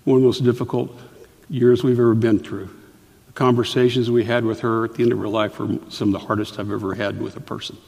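A middle-aged male pastor delivering a sermon in an earnest, deliberate way, often stopping to explain a point. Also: medium pitch, level tone, creaky, a little mellow. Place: church sanctuary. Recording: reverberant church hall.

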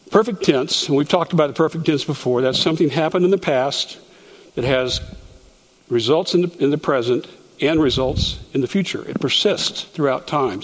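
A man leading a Bible study lesson in a chatty way, dropping self-deprecating jokes. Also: medium pitch. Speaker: Bible teacher. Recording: long hall reverb.

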